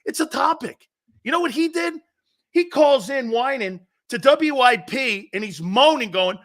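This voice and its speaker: Combative high-voiced male sports host. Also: sing-song, normal speed, fairly bright tone. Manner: combative, rhetorical, challenging. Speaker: sports talk show host. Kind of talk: opinionated sports talk.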